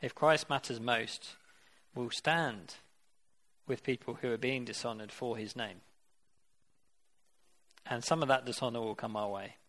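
A man's voice: medium pitch, fairly even intonation, measured pace, pauses often, fairly bright tone. A man preaching a sermon, earnest and conversational, with rhetorical questions to his congregation.

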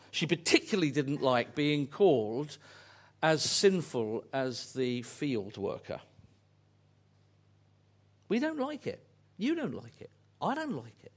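A man's voice: on the high side, big pitch swings, takes it slowly, pauses often. A man preaching a sermon, earnest and fond of repeated phrases and pointed questions.

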